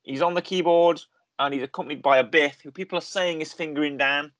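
A man's voice: a little high, quick pace, fairly bright tone, no room sound. A man hosting a casual review conversation, talking in a rambling way and often correcting himself with fillers. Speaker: podcast host reviewing a series.

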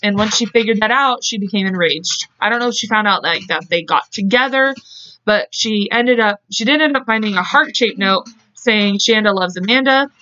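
A woman's voice: medium pitch, moderate pace, pushed and bright, dry recording, dull audio. Chatty, profane woman podcast host. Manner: chatty and profane, with laughing asides and side tangents. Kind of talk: casual true-crime storytelling.

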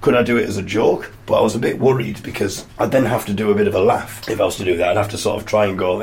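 A hoarse man with a Yorkshire accent who is losing his voice, telling a rambling story with self-mocking asides in a casual spoken diary. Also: lowish voice, fast, few pauses, darkish tone, a little hiss or hum. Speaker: podcast host.

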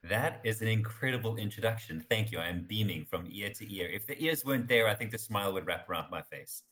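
A man with a South African accent, a voice artist being interviewed, chatting in a warm, effusive way and laughing easily. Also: fairly low pitch, expressive, quick pace. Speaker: podcast guest, voice artist. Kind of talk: casual interview chat.

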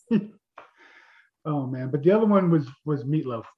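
A man's voice: a little high, expressive, measured pace, phone-quality sound. A man in his fifties telling stories in a casual chat, laughing through his anecdotes and acting out other people's voices. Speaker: convention-going guest telling stories.

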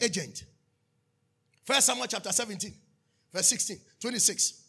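A pastor preaches with a high, gravelly voice that has a husky edge. He bursts into shouts and then drops to hushed asides. His tone is bright and sharp throughout. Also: normal speed, pauses often. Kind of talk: sermon.

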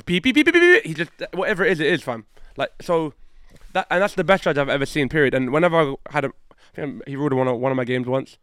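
A man co-hosting a podcast in casual chat, excitable and fond of swearing. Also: fairly high pitch, smooth, no echo, studio quality. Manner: animated, swearing, fast and excitable. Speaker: podcast co-host.

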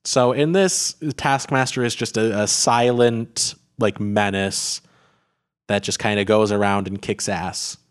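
A male podcast co-host with a low-ish, clear, resonant voice and fairly even intonation speaks a little slowly. He chats casually about a film, rambling and restarting with lots of filler words.

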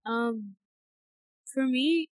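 A woman's voice: high voice, drawn-out words, no room sound. A teenage girl co-hosting a casual podcast chat, rambling with lots of fillers and giggles. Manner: chatty, filler-heavy, giggly. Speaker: podcast co-host.

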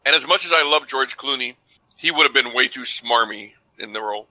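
A man's voice: medium pitch, a little fast, bright, forceful tone, no echo, low-quality recording. A man co-hosting a casual podcast, talking animatedly and laughing as he speaks. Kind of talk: casual chat.

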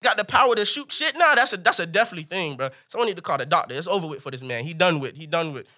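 Bright-voiced, animated male storyteller. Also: fast talker. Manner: animated, swings into high excited pitch for punchlines. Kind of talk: comic storytelling.

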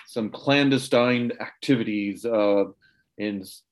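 A man's voice: mid-range voice, fairly quick, close to an everyday voice. A man voicing an earnest male investigator who warns a friend in urgent, stumbling speech. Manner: urgent, stumbling over words.

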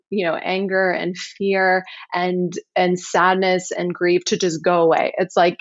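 A woman's voice: medium pitch, dry recording. Woman guest, thoughtful and searching, dry and slightly muffled recording. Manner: reflective, searching for words. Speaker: podcast guest, company founder. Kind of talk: casual interview talk.

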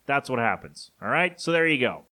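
A man's voice: mid-range voice, very animated, fairly quick, sharp tone. A man hosting a podcast, rambling casually and opinionatedly about sports with many fillers and asides. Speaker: podcast host.

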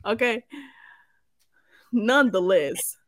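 A young woman in her twenties from Mississippi with a Southern American accent, co-hosting a podcast with expressive, sassy storytelling. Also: mid-range voice, slow. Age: 20s. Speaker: podcast co-host. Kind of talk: casual chat.

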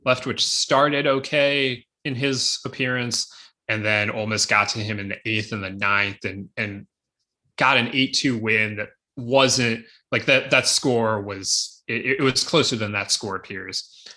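Bright-voiced man talking college baseball. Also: on the low side. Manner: conversational, quick asides. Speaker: podcast co-host. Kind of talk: casual sports chat.

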